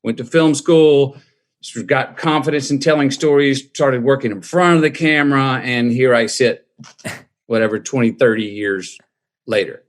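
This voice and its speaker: With a steady tone at a moderate pace, a middle-aged man's mid-range voice carries a personal story as a podcast interview guest. His manner is drawling and reflective, and he acts out the voices he quotes.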